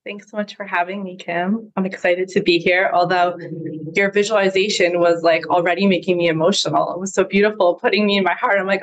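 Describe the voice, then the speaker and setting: A woman's voice: mid-range voice, highs cut off. A woman guest on a video call, telling her personal story candidly in a casual way full of "like". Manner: candid, filler-heavy with frequent "like", quick to laugh.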